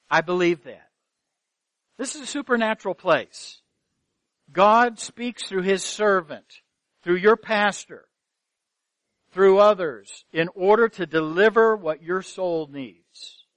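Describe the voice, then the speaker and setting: Male pastor, high voice, dry recording, earnest sermon with rhetorical questions. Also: animated, slow, pauses often, fairly bright tone, no room sound. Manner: earnest preaching, rhetorical questions, repeats phrases for emphasis. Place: church sanctuary.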